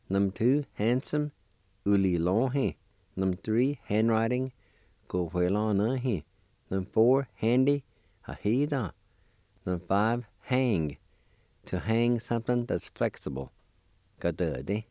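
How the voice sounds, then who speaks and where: A man with a low, mellow voice leads a pronunciation lesson, spelling each word and sounding out every syllable more than once. His pace is very slow and deliberate, and the sound is dry and close. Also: no room sound. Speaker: language teacher.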